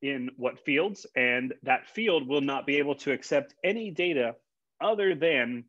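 A man's voice: mid-range voice, animated, a little slow, a bit bright, no room sound. Man giving a casual classroom lecture. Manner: conversational, with frequent fillers and repeats. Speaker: college instructor. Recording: dull, dry lecture recording.

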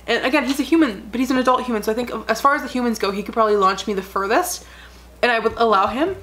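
A woman's voice: on the high side, quick pace, a bit bright, slight background noise. Gushing young woman vlogger. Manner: rambling, full of "like" fillers, gushing; emotional, earnest. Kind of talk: casual chat.

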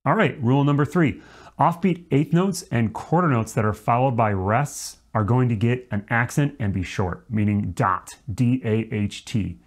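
Male music teacher, mid-range voice, clear step-by-step explanation. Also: medium pitch, moderate pace. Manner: demonstrates articulation by singing syllables. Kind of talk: instructional explanation.

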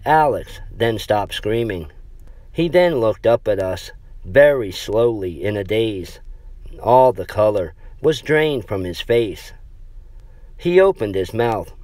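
A man narrating a horror story in a dramatic, measured way. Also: on the low side, a little mellow, no room sound.

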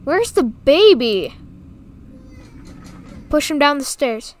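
Giggly woman gamer, high and unhurried, teasing chatter. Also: sing-song. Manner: giggly and teasing, full of exclamations. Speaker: gaming YouTuber. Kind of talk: casual gameplay commentary.

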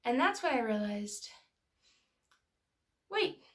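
Chatty mother teaching parents, fry-heavy, slightly high. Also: normal speed. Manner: chatty, storytelling, lots of filler words. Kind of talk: casual educational talk.

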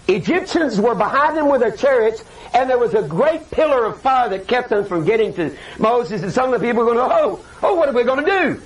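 An older male preacher delivers a sermon in a high, lively voice that leaps up and down as he acts out scripture quotes. He is picked up from across the room, and a faint hiss sits behind him. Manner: animated, dramatic preaching with acted-out quotes. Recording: distant mic with faint hiss.

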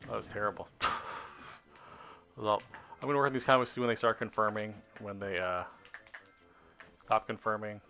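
A man with a lowish, bright, forceful voice rambles to himself as he tests game combos on a live stream, trailing off and restarting his thoughts. The audio is dull and lo-fi, with faint game music underneath. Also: fairly even intonation, moderate pace, long pauses. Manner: rambling, self-correcting, talks to himself while testing. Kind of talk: casual live-stream commentary while playing.

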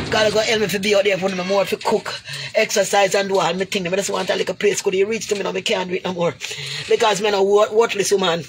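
A woman's voice: mid-range voice, slight background noise. A woman from Jamaica with a Jamaican accent, vlogging to her viewers in an emotional, pleading monologue full of creole grammar. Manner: heavy creole grammar, pleading and preachy, calls viewers goody. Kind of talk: emotional direct-to-camera monologue.

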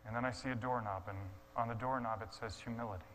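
A man telling a dramatic sermon story, swinging from hushed, quiet passages to impassioned shouting. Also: mid-range voice, steady tone, fast talker, a little hiss or hum, poor audio. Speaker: guest speaker.

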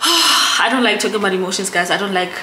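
Chatty and emotional, a young South African vlogger talks casually to camera and keeps turning to her viewers. Her mid-range voice is animated, fast and sharp, captured in an echoey room with background noise.

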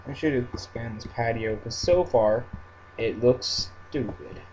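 A man's voice: mid-range voice, takes it slowly, a little mellow, dull audio, slight background noise. A man casually commenting on his own Minecraft game, hyper and rambling, with goofy jokes. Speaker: Minecraft let's-play vlogger.

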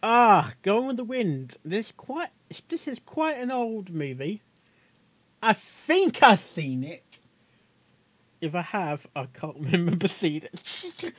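A man's voice: fairly high pitch, dry recording. A man hosting a casual reaction video, chatty and giggly, often tripping over his words.

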